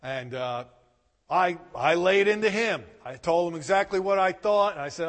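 A man preaching a sermon, telling a personal story with emphatic, animated delivery and loud bursts. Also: high voice, moderate pace, long reverb tail. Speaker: pastor.

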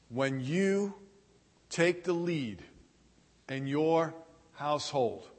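A man preaching a sermon, earnest and repetitive, pausing and restarting as he builds his points. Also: a little high, big-room sound. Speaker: pastor.

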